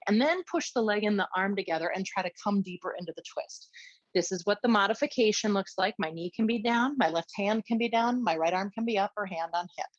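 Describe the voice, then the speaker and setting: A woman teaching a yoga class, giving chatty, encouraging cues and checking in with a quick "yeah?" as she goes. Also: medium pitch, no echo. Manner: chatty, encouraging, frequent "yeah?" check-ins, light laughs. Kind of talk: guided yoga class instruction. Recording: dull, dry lo-fi sound.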